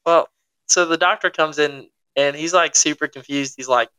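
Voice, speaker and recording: A young man co-hosting a podcast, retelling events in a dramatic, animated way. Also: fairly high pitch, normal speed, clean tone. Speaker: podcast co-host. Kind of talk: casual chat.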